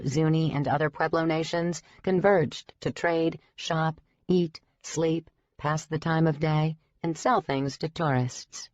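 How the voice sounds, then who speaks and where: Low-voiced woman narrating an audiobook. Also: no echo. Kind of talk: scripted first-person narration. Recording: dry, slightly dull recording.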